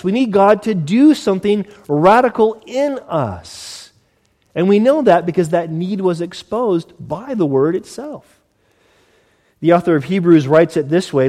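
Man preaching a sermon, high voice, reverberant hall. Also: darkish tone. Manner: conversational, acts out little scenes in different voices. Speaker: pastor.

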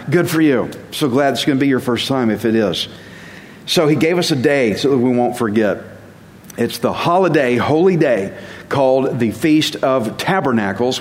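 A man giving a casual sermon as a Bible teacher, conversational and self-deprecating, chuckling at himself now and then. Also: on the high side. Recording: long reverb.

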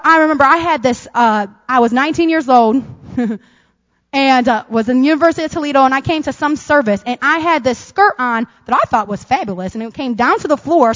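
High-voiced woman pastor preaching in a hall. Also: highs cut off. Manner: lively preacher, swings between loud emphasis and soft asides. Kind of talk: sermon. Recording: long hall reverb.

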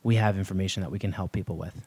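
A man from Brooklyn co-hosting a podcast, chatting casually in a halting, easygoing way with repeated words. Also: low voice, steady tone, darkish tone, breathy edge. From Brooklyn, New York. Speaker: podcast co-host.

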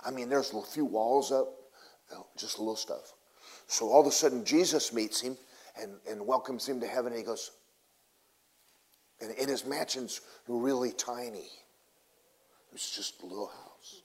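A man preaching a sermon in a casual, folksy way, telling a story and swinging between loud bursts and hushed asides. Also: mid-range voice, normal speed, pauses often.

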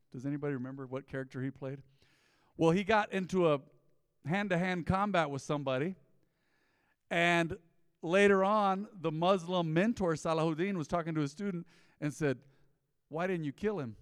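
A man's voice: fairly high pitch, normal speed, smooth, clean studio sound. A middle-aged man pastor preaching a sermon in a church sanctuary, emphatic, with bursts of rising energy and acted asides. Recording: live church sermon with long hall reverb.

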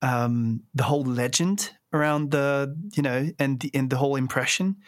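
A man's voice: mid-range voice, fairly even intonation, normal speed, no room sound, studio quality. Friendly man hosting a podcast. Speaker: podcast host. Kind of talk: casual interview chat.

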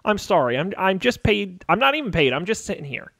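Stammering, apologetic young intern guard, pitched up high, as a man puts him on for a tabletop game. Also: sing-song, brisk, creaky, a bit bright, dry recording, clean studio sound, full character voice. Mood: nervous. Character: nervous young male intern guarding a door.

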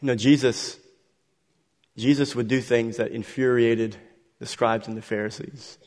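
A man preaching a sermon, building to loud, emphatic peaks and repeating words as he presses a point. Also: mid-range voice, fairly even intonation, measured pace. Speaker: pastor. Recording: long hall reverb.

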